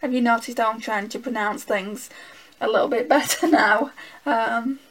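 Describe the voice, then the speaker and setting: A woman's voice: fairly high pitch, moderate pace, low-quality recording. A woman with a Northern English accent, chatting casually to viewers while she swatches makeup and thinks aloud. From England. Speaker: beauty vlogger.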